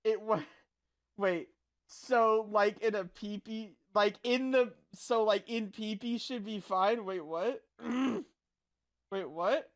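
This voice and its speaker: A man's voice: high voice, slow pace. Rambling young man, stream chatter. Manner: rambling, filler-heavy, crude and flustered. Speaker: VTuber streamer. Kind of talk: casual stream chat with viewers.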